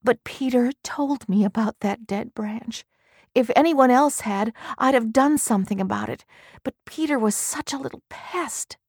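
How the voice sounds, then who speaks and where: A woman's voice: a little high, a little slow, darkish tone, husky, no echo, clean studio sound, pitched above the performer's own voice. A woman voicing a grieving, bitter young mother. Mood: anguished.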